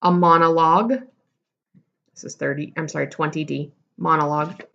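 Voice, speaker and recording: Gravelly-voiced woman teacher, lo-fi. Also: low-pitched, fairly even intonation, normal speed, a bit bright. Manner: casual, explanatory, self-correcting. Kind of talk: recorded classroom lesson.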